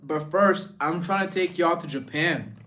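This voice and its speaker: A man with a slightly higher than usual voice hosts a relaxed live stream. He rambles from one viewer comment to the next, reading each one aloud before he answers it. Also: measured pace. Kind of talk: casual live-stream chat.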